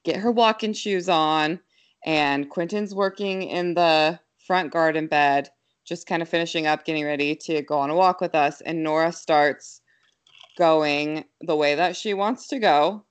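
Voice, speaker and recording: Young woman, slightly low voice, brisk animated storyteller, filler-heavy casual chat. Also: clean tone. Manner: quick, animated, lots of fillers.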